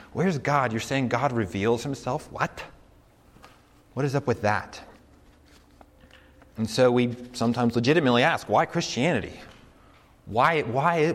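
A man preaching a sermon in a conversational, earnest way, slowing down to stress key points. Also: medium pitch. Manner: conversational, earnest, slows down for emphasis. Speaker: campus preacher. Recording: long hall reverb.

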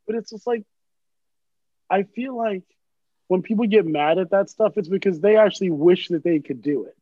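A man with a high, mellow voice chats casually at a moderate pace, rambling, swearing freely and poking fun at himself. There's no echo; the sound is dry and tinny, like a phone.

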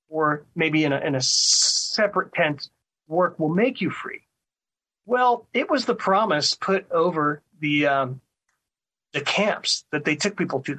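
A man's voice: on the high side, pushed and bright, low-quality recording. A man hosting a talk show, delivering a casual commentary monologue, often repeating words and asking "right?". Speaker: radio talk show host.

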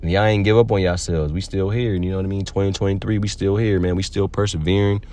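Low-voiced man giving a loose slangy pep talk. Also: steady tone, quick pace, warm tone. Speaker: podcast host. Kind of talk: casual motivational monologue.

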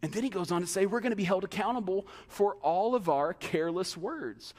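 A man preaching a sermon as pastor, animated, dropping into quick mimicked asides. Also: sits high. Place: church sanctuary. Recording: long hall reverb.

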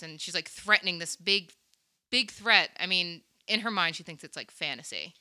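A woman's voice: fairly low pitch, moderate pace. A young woman hosting a podcast, chatting casually and animatedly as she retells a movie scene. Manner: chatty, animated retelling with quoted voices and laughs. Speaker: podcast host. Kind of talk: casual movie recap chat.

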